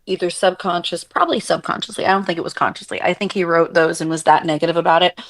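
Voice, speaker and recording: Chatty low-voiced woman co-host. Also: fairly even intonation, fast talker. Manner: chatty, filler-heavy, self-deprecating. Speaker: podcast co-host. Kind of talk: casual chat.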